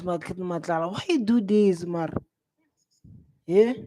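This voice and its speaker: A man's voice: high voice, slow pace, pauses often, warm tone. A South African man hosting a live reaction video, exclaiming and scolding with a lot of repetition.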